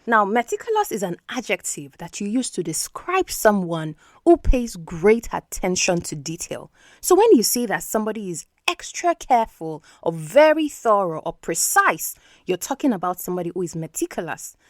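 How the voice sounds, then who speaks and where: A woman's voice: mid-range voice, sing-song, moderate pace, no room sound, clean studio sound. A woman hosting an English-learning podcast who explains words patiently and keeps checking in with the listener. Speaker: English teacher and podcast host.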